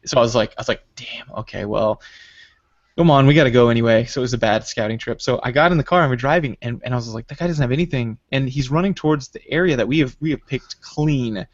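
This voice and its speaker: A man on a podcast tells a gaming story at a rapid clip, jumping into quoted voices as he goes. The sound is dry and close, with a dull lo-fi tone. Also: medium pitch, no echo. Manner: animated retelling, acts out quoted dialogue. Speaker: podcast host. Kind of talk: casual storytelling chat.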